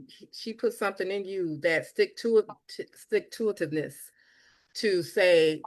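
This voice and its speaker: A woman's voice: on the low side, moderate pace. A woman hosting an interview, talking earnestly and emphatically to her guest, repeating words as she presses her points. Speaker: host. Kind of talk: interview conversation.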